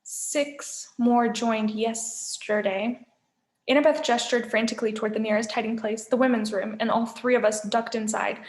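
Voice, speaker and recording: A woman, a teacher, reading a novel aloud with expressive storytelling. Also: a little high, fast talker, few pauses. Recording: echoey room.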